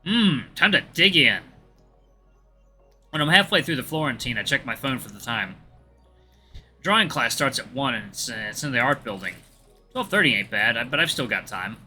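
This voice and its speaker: A man's voice: mid-range voice, sharp tone. A man reading a visual novel aloud as a let's play host, with chatty asides to viewers.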